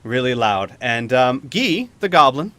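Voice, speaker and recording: A man's voice: medium pitch, sing-song, measured pace, pushed and bright, no echo. A man narrating a tabletop role-playing game as game master, hesitant and full of ums and uhs.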